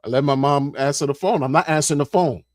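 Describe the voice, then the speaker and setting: Animated man telling a story, dry mic. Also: on the high side, fast, dry recording. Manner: animated, repeats phrases, acts out quotes. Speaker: streamer. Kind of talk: casual storytelling monologue.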